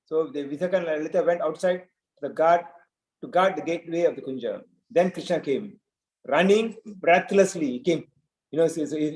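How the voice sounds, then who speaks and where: A man's voice: fairly high pitch, darkish tone, reverberant, rough recording. A man giving a devotional scripture talk, retelling a story and often checking in with "right?". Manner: storytelling with frequent "right?" asides. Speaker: preacher.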